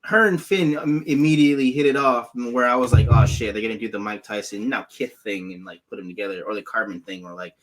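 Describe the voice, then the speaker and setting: A man's voice: quick pace, hardly any pauses. A man chatting casually about a film on a podcast, swearing freely, laughing often and acting out lines in a raised voice. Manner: animated, laughs often, acts out characters in high voices. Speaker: podcast co-host. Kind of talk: casual profane chat.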